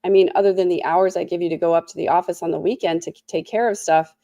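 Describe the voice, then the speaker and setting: A woman recaps a court case in casual commentary, her voice lowish, mellow and dark. She sounds tired, with a sore throat, and drops snarky, sarcastic asides. The sound is close and dry. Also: fairly even intonation, fast, no echo. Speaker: trial recap host.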